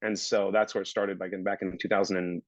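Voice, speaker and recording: A man's voice: sits low, little pitch movement, fast talker, no echo, poor audio. A man in his thirties, a guest actor on a casual podcast, telling rambling stories and acting out his own past remarks.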